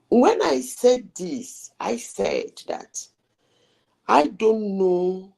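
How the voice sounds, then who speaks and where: A middle-aged woman hosts a live talk show. Her voice is low, dark and gravelly, with a husky edge. She speaks slowly and pushes her point with rhetorical questions. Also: low-quality recording. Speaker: host.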